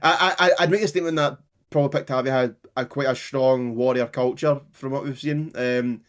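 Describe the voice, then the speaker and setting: A man's voice: medium pitch, fairly even intonation, fairly quick. A man co-hosting a history podcast, chatting casually, rambling and often laughing. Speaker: podcast co-host.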